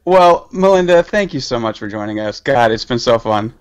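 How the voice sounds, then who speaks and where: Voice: medium pitch, expressive, normal speed, clean tone, no room sound. A podcast co-host asking playful questions in a casual interview.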